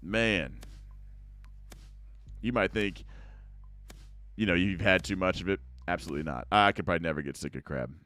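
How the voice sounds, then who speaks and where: A young man chatting casually to viewers as he opens card packs, rambling along and now and then breaking into excited outbursts. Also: low-pitched, moderate pace, pauses often. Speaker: card-opening YouTuber. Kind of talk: casual pack-opening chat to viewers.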